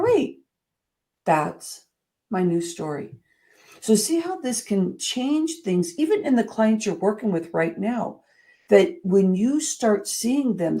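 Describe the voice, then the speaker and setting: A woman coach delivers an earnest, expressive motivational talk, shifting between soft, slow stretches and lively, emphatic ones. Her voice is medium-pitched with a creaky texture.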